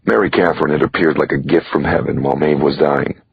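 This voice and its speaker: Very deep gravelly male narrator. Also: steady tone, fast. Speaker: audiobook narrator. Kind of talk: scripted audiobook narration. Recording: dull dry lo-fi recording.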